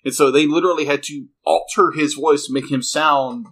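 A man co-hosting a podcast, chatting casually, eager and agreeable with many quick affirmations. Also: fairly high pitch, fairly even intonation, a bit bright. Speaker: podcast co-host. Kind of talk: casual chat.

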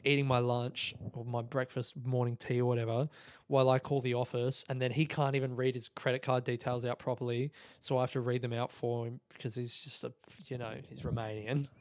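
There's vocal fry in this man's medium-pitched, slightly mellow voice, recorded dry. He's a podcast host rambling through a story in casual monologue, cursing heavily, laughing through it, and quoting people in different voices.

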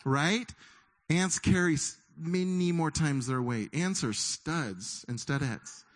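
Middle-aged male pastor, lively conversational sermon, slips into acted inner voices. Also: a little high, slow pace. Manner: animated, acts out inner voices of listeners.

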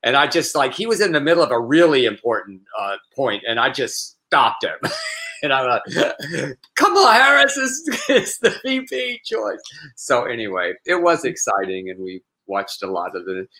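A man co-hosting a casual comedic talk show, telling stories in a rambling, halting way with frequent laughter. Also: medium pitch, expressive, a bit bright. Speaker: co-host.

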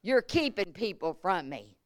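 A woman evangelist preaching at a church revival, moving from hushed storytelling to shouted emphasis. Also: mid-range voice, very animated, measured pace, no room sound. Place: church service.

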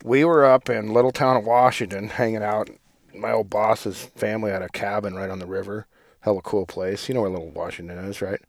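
A man's voice: lowish voice, steady tone, brisk, gravelly, no echo, studio quality. A man, co-hosting a podcast, telling a long rambling story in casual, profane chat. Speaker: podcast co-host.

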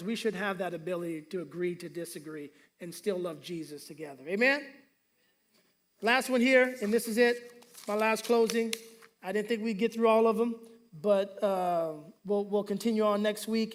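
A man's voice: sits high, normal speed. A male pastor preaching a sermon, telling humorous stories and calling for responses from the congregation.

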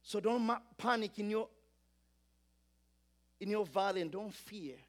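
A man delivers a sermon in a high voice. He preaches with emphasis, stacking repeated phrases and swinging between loud and quiet passages as he leads his listeners. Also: a little slow. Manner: emphatic, repetitive build-ups, urges congregation to repeat.

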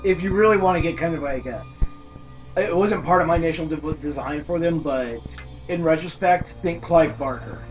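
Man, casual chat about tabletop games, animated storyteller, swears a lot, slightly high voice, heard from a distance, dull sound. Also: moderate pace, faint music behind. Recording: distant dull mic with faint background noise.

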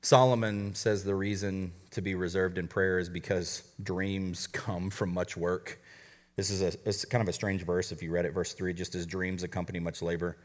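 A man who is a college pastor, preaching a conversational sermon with quick asides and light humor. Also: low-pitched, little pitch movement, long reverb tail.

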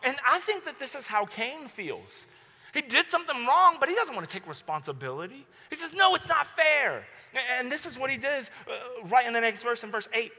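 A male pastor preaching a sermon, telling stories in an animated way and acting out his own outbursts. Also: very high voice, a little fast. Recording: long hall reverb.

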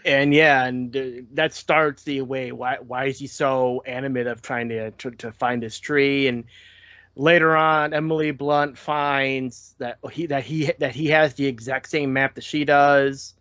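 A man's voice: mid-range voice, level tone, unhurried, a bit bright, no room sound. A man co-hosting a casual movie podcast, retelling the plot and quoting characters. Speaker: podcast co-host. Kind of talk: casual movie review chat. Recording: dull lo-fi dry sound.

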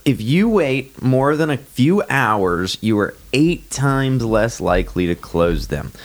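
A man's voice: medium pitch, expressive, slow. A man co-hosting a podcast, explaining a sales point in casual chat and asking rhetorical questions. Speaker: podcast co-host.

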